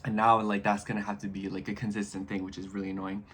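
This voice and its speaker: A man in his twenties chatting casually in a vlog, rambling and animated as he speaks straight to his viewers. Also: on the low side, fast talker, breathy edge. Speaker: astrology YouTuber.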